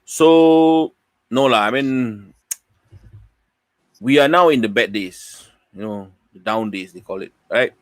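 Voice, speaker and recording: A man with a Malaysian accent hosting a casual football fan review, chatty and upbeat with many pauses. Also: medium pitch, dry recording. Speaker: football fan show host.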